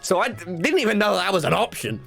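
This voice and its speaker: A young man, telling a story to his live stream chat in an excitable way, dropping to mumbled asides and rising to loud yelps, and swearing freely. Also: sits high, fast talker, creaky, soft background music. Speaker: livestreamer.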